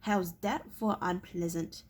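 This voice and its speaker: A woman reading aloud, voicing a boastful, bullying teenage boy who is training as a warrior, in a louder, sneering tone. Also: on the low side, steady tone, slow pace, a little hiss or hum. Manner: sneering, louder than the narration.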